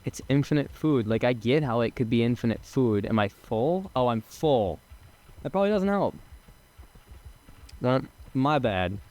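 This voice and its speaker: A young man giving casual let's-play commentary as a gaming streamer, chatty and excitable, swearing and laughing as he plays. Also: mid-range voice, normal speed.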